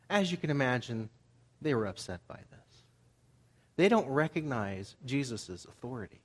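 A man's voice: medium pitch, big pitch swings, moderate pace, slightly rough. A man preaching a Bible study sermon in a conversational way, acting out the people he quotes with rising emphasis. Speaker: pastor.

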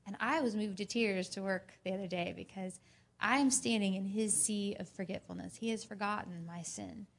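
A woman in a church group sharing an earnest personal testimony, telling her story in an animated way. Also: mid-range voice, normal speed, gravelly.

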